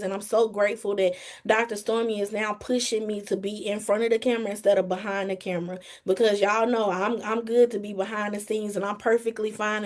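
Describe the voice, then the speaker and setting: A woman giving an earnest, emphatic testimony on a group call, talking straight to her listeners. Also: medium pitch. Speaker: team member giving a testimony. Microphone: phone or video call.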